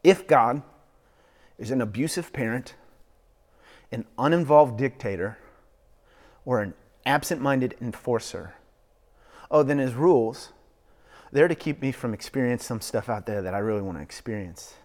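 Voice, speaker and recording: A man in his thirties preaching a sermon as a pastor, animated, swinging between hushed and loud delivery. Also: medium pitch, moderate pace, long pauses. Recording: long reverb of a large hall.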